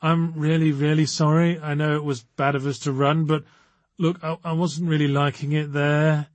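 A man's voice: on the high side, flat delivery, normal speed, no room sound, close to an everyday voice. A man voicing a nervous, awkward teenage schoolgirl who rambles in a quivering way. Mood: anxious.

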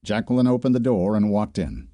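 Low, dark-voiced male audiobook narrator. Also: expressive, brisk, no room sound. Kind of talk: scripted narration.

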